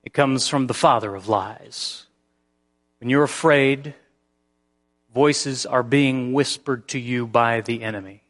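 Male pastor, mid-pitched, slow sermon delivery, swings from hushed to emphatic. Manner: slow, dynamic preaching, dropping to near whispers and rising to emphatic peaks.

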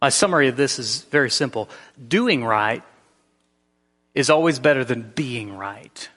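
A pastor preaching a sermon, telling a story with shifting emphasis. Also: male voice, mid-range voice, lively intonation, unhurried, a bit bright, long reverb tail.

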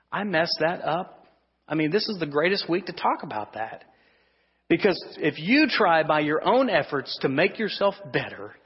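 A male pastor preaching a sermon to his congregation, swinging between loud emphasis and hushed, drawn-out lines. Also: fairly high pitch, slightly rough, long reverb tail, muffled recording. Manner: asks the congregation for responses. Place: church sanctuary.

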